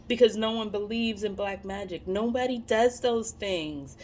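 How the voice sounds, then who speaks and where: A young woman speaking in a loose monologue to her viewers, blunt and sprinkled with swearing and quick laughs. Her pitch sits at an ordinary middle for a woman. A faint hum of room noise stays behind her voice. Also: a little mellow. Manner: blunt, profane and laughing often. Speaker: vlogger. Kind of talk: casual monologue to camera.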